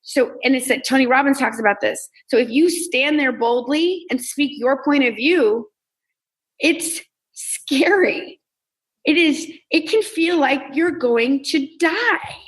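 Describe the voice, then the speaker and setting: A woman's voice: high voice, slow pace, poor audio. A woman from Texas, a comedian and coach talking candidly as an interview guest and acting out her own self-talk. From Texas, US South. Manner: candid, animated, acts out quoted self-talk. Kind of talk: casual interview conversation.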